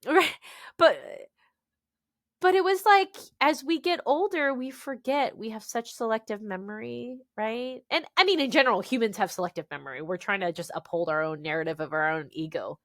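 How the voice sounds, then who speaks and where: A woman author with a voice on the high side guests on a podcast, recounting her story candidly and with animation at normal speed. Her lines are often capped with "right?", and "dude" pops up often. The recording is dry and studio quality.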